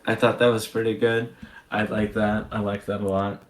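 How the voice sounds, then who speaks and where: A man's voice: on the low side, level tone, normal speed. A man co-hosting a casual wrestling podcast, easygoing and hesitant, with many ums. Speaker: podcast co-host.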